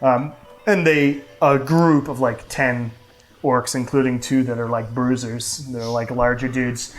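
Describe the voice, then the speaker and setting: A man runs a tabletop game, narrating in a loose, relaxed way and filling the gaps with ums and likes. His voice sits in a middle register. Soft music plays underneath. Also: mid-range voice, a little slow, poor audio. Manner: relaxed, loose, many fillers. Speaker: game master. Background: faint music.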